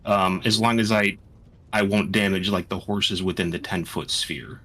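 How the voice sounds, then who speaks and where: A man with a somewhat low voice talks through his moves in a tabletop game. He hesitates and restarts as he plans, with quiet music in the background. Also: steady tone, normal speed. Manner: thinking aloud, hesitant. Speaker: player.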